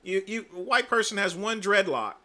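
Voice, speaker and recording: Lively, bright-voiced male stream host. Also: sits high, normal speed. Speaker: livestream host. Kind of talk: sarcastic commentary on clips.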